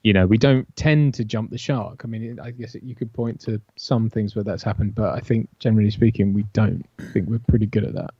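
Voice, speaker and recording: A man's voice: lowish voice, brisk, few pauses, mellow, slightly rough, no echo. A man co-hosting a livestream in casual chat, with a dry, wry and rambling manner. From Britain. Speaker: co-host. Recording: dull, dry, lo-fi mic.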